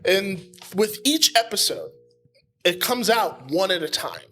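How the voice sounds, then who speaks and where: A man hosting a podcast, talking in quick, chatty casual conversation full of "like". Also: high voice, sing-song, a bit bright, soft background music. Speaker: podcast host.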